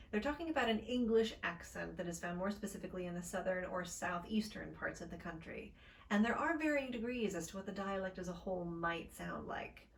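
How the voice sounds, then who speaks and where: A woman's voice: mid-range voice, fairly bright tone, reverberant. A young adult woman, a speech coach, giving an upbeat, chatty accent lesson to camera with playful stagey asides.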